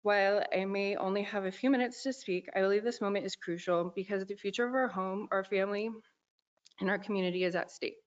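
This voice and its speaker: A woman's voice: medium pitch, steady tone, quick pace. A young woman earnestly reading a heartfelt prepared public comment at a county meeting. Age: young adult. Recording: dull lo-fi meeting audio.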